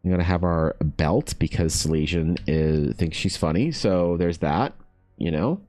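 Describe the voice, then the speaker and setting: A man's voice: sits low, measured pace, dark tone, no echo, clean studio sound. A man in his thirties, an artist chatting casually with viewers while drawing, laid-back and rambling, laughing often and calling people dude. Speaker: artist livestreaming.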